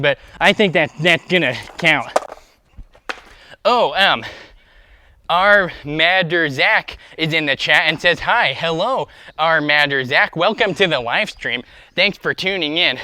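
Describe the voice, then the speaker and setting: A man's voice: a little high, takes it slowly, bright, forceful tone, a little hiss or hum. A young man hosting a casual skateboarding livestream, rambling with lots of fillers and talking upbeat while he skates outdoors, a bit out of breath. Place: outdoors skating.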